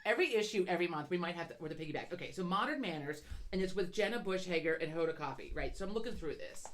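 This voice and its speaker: Fast-talking, swearing woman podcaster. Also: on the low side, expressive, a little hiss or hum. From central Pennsylvania. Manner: profane, giggly storyteller. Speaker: podcast co-host. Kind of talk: casual chat.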